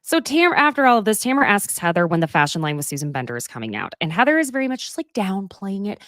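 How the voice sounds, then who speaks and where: A woman in her thirties co-hosting a casual recap chat, animated and profane, slipping into quick impressions of the people she talks about. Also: medium pitch, dry recording, studio quality. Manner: animated, profane, mimics people with put-on voices. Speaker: podcast co-host.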